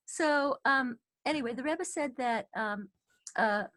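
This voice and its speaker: A woman's voice: sits high, a little slow, fairly bright tone. A woman teaching an online class over a video call, chatty and full of fillers and restarts.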